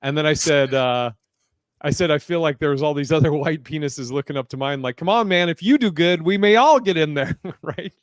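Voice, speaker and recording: Brief: male podcast host in his thirties, slightly high voice, animated storyteller who swears freely, dry close mic. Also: normal speed, dry recording. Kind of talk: casual podcast chat, storytelling.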